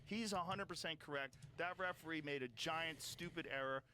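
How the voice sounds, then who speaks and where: A man's voice: a little high, normal speed, sharp tone, a little hiss or hum. A man talking animatedly and profanely as a podcast host in casual chat.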